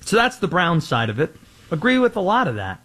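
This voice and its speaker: Lively male sports show host. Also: high-pitched, fairly quick. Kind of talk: sports news segment hosting.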